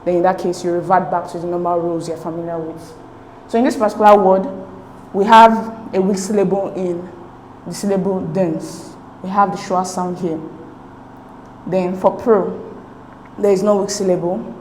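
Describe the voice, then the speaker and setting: A woman teacher goes through exam answers step by step, patient and methodical, often checking in with "okay?". Her voice is fairly low and darkish, with a steady tone and moderate pace. The room is echoey, with faint noise.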